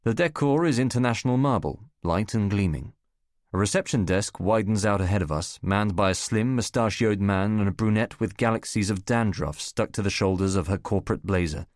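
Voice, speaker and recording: A man reading a first-person spy novel as an audiobook narrator, measured and wry. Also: on the low side, dry recording, studio quality.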